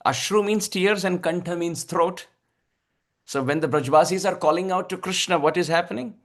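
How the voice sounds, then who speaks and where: A man giving a devotional scripture discourse, expressive and drawn out, with frequent soft laughs. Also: sits high, moderate pace. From India. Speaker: spiritual speaker.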